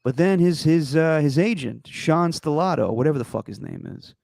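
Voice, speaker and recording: A man putting on a loud, theatrical Italian-American New York accent, playing a brash guy from the city. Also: fairly high pitch, animated, normal speed, vocal fry, no echo, clean studio sound, voice pushed up. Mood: hammy. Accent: exaggerated Italian-American New York.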